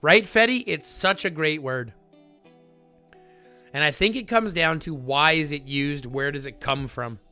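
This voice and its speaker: A man hosting a livestream, chatting casually with viewers in a rambling, animated way full of fillers. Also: a little high, measured pace, clear, resonant tone, soft background music. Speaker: livestream host.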